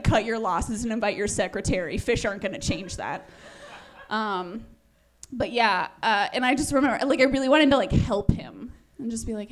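A young woman comedian telling a rambling, self-deprecating stand-up story, full of "like" and "um". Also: on the high side. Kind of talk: stand-up monologue.

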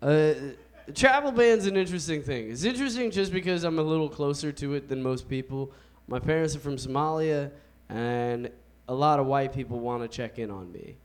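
A young man doing a stand-up comedy set on a club stage into a handheld mic, with a loose, laid-back delivery and drawn-out punchlines. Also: on the high side, clean tone. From United States.

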